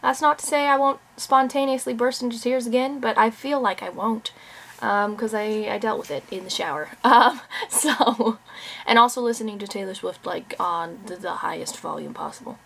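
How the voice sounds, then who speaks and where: A young adult author chats candidly at home in a rambling vlog, full of fillers and restarts. Her voice is fairly high and a bit bright, and she speaks at normal speed.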